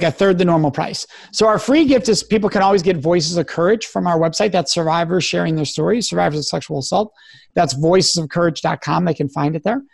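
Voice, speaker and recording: A man's voice: high voice, creaky. A man, a guest expert in an interview, talking in an earnest, emphatic way as he gives advice. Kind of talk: interview conversation.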